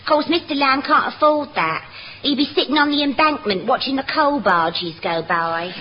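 A woman's voice: high-pitched, animated, normal speed. An actress playing a young office girl, chatty and complaining, in a radio sitcom. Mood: doubtful. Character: grumbling young office girl, cheeky and fed up. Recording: dull noisy old radio recording.

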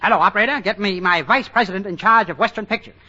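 A pompous, blustering movie mogul rattles off orders with brash comic self-importance. His voice is pitched fairly high for a man. The sound is muffled with steady hiss, like an old film reel. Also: fast talker. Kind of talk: 1930s film comedy acting.

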